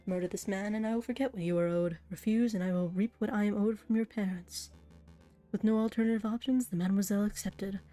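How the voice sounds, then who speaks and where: A woman's voice: medium pitch, steady tone, quick pace, mellow, faint music behind, natural voice. Woman doing a sly scheming bird prince. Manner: smooth, evasive, theatrical. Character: sly male bird investigator posing as prince.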